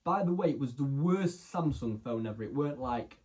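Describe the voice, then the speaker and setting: A young man chats to camera as a vlogger, telling loose, rambling anecdotes. His voice sits at an ordinary middle pitch, and he strings his stories together with easygoing fillers. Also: expressive, moderate pace, mellow, slightly rough. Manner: chatty, rambling, lots of "so anyway" and "like". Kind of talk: casual storytelling to camera.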